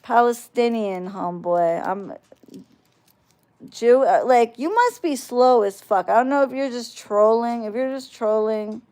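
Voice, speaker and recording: A woman's voice: a little high, a little slow, dark tone. A woman ranting on her video channel in a profane, combative, mocking way. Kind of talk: ranting vlog.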